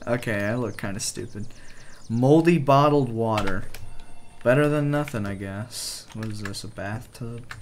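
A young man giving casual gameplay commentary, excitable, swearing mildly and sometimes dropping to a whisper. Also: medium pitch, a little slow, slight background noise.

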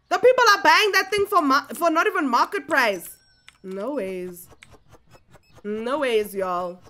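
A young woman giving casual, animated commentary as she plays a game, exclaiming and chatting to her viewers. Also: sits high. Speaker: gaming streamer.

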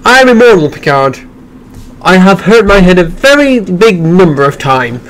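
A man's voice: sits high, big pitch swings, normal speed, a bit bright, slight background noise, low-quality recording. A man doing an arrogant immortal trickster. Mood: grandiose. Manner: grandiose, mock-lofty. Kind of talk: comedic script reading.

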